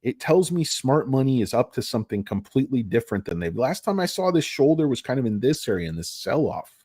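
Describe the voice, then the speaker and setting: Lively joking stock-market vlogger man. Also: medium pitch, fast talker, slightly rough, no room sound, clean studio sound. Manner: jokey, self-deprecating, rambling. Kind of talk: casual rambling commentary.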